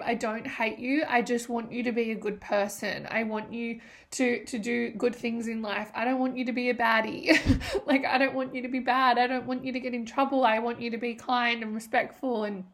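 A woman, hosting a solo podcast in a rambling, emotional way and swearing freely. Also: on the high side. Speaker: podcast host. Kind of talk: casual solo podcast talk.

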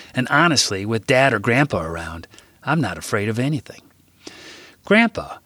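A man reading his own book aloud in a measured, unhurried storytelling manner. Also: fairly low pitch, fairly bright tone, dry recording. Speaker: author. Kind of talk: audiobook reading.

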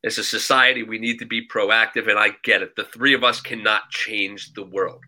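A man with a very bright, tense voice speaks with earnest conviction. He drives his points home by repeating them. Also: on the low side, steady tone, normal speed, low-quality recording. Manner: emphatic, repeats for emphasis. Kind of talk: earnest advice.

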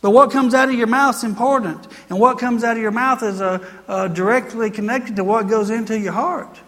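High-voiced folksy male pastor preaching. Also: fairly even intonation, brisk, a bit bright, long reverb tail. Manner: folksy, emphatic preaching with scripture quotes. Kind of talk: sermon.

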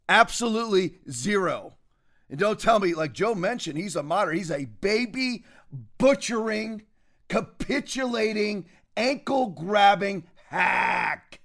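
A man with a high-pitched voice delivering fiery, preachy political commentary. He rants with sudden loud bursts and heated conviction. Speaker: commentary show host.

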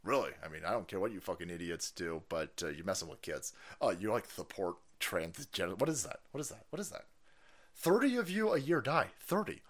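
A man's voice: deep voice, brisk. A man hosting a live stream, ranting casually and profanely between viewer chats and laughing often. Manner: animated, foul-mouthed, laughs often.

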